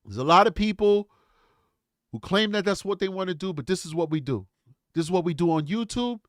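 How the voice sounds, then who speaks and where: Dude live streaming true crime, kinda high voice, blunt and animated, dry close sound. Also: male voice, brisk, no room sound. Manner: animated, blunt, calls listeners bro and man. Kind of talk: casual live-stream commentary.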